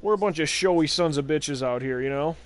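A man's voice: fairly high pitch, fairly quick. A young man streaming a basketball video game, rambling in casual, sarcastic, profane commentary. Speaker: gaming livestreamer. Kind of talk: casual let's-play commentary.

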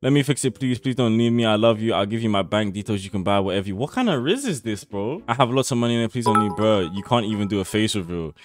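A man's voice: lowish voice, expressive, quick pace, hardly any pauses, soft background music. A young man, streaming and reacting to chat messages in slangy, swearing, mocking talk. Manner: slangy, swearing, mocking, bursts into loud laughter.

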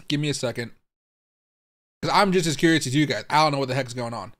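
A man's voice: medium pitch, expressive, quick pace, fairly bright tone. A young man hosting a live stream, thinking aloud in bafflement, swearing and talking straight to his viewers as he clicks around. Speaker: crypto livestream host. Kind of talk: live-streamed casual commentary.

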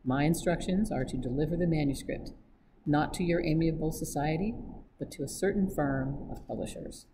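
A woman's voice: sits low, moderate pace, natural voice. A woman voicing a breezy, mocking young Englishman with a teasing, flippant manner, over a noisy recording.

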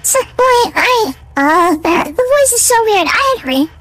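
A woman's voice: very high voice, big pitch swings, measured pace, fairly bright tone. A young woman playing a scary game on stream, reacting with sudden exclamations and swearing into a desk microphone. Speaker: gaming YouTuber. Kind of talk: casual game commentary.

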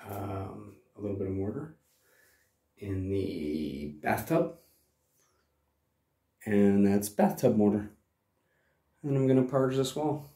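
A man's voice: fairly low pitch, darkish tone, far from the mic. A man explaining his renovation work step by step in a casual way, with dry jokes. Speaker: vlogger doing renovation work. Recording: echoey room, off-mic with noise.

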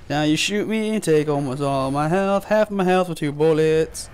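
Male gaming host, high voice, profane running commentary. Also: expressive, normal speed, few pauses, darkish tone, clear, resonant tone. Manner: frustrated, profane trash talk. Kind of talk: gameplay commentary.

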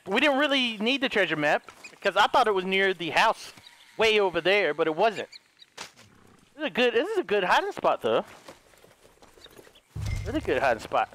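A young man giving excitable, goofy let's play commentary, swearing often. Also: very high voice, normal speed, pauses often, slight background noise. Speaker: gaming YouTuber.

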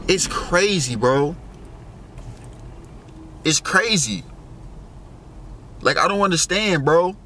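A man's voice: high-pitched, pushed and bright. A young man rambling through a casual monologue, wondering aloud with lots of fillers and swearing. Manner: musing, full of fillers and profanity, wondering aloud. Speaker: vlogger.

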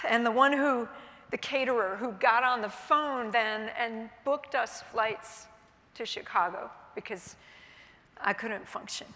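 A middle-aged woman speaks from a conference stage, telling a personal story in vivid present tense. Her voice is bright and forceful, and it carries a long hall reverb. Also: on the high side. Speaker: keynote speaker.

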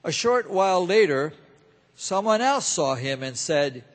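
A man narrating a scripture reading in a steady, solemn way, in a large church. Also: high voice, a little slow. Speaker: reader. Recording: echoey church hall.

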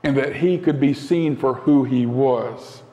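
A male pastor delivering a sermon in an earnest way, slowing down and dropping to a soft voice for emphasis. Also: mid-range voice, lo-fi sound. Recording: long hall reverb.

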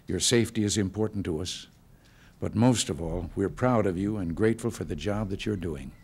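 Older guy from the states, slightly low voice, folksy speech to staff, dry jokes. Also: brisk, creaky, breathy edge. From United States. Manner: folksy, relaxed storytelling with dry humor. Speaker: president giving remarks. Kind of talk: informal speech with joke stories. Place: hotel function room.

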